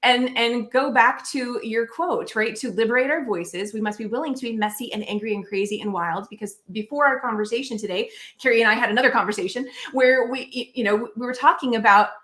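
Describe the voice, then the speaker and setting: A woman's voice: a little high, a little fast, hardly any pauses, fairly bright tone. Reflective woman podcast host. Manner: reflective, affirming, thinking aloud. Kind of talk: interview conversation.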